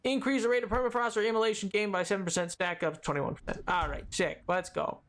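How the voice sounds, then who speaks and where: A man's voice: high-pitched, steady tone, fast talker, a bit bright, slight background noise. A man streaming a video game, rambling and joking, amused by his own remarks. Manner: rambling, jokey, self-amused. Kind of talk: casual gameplay commentary.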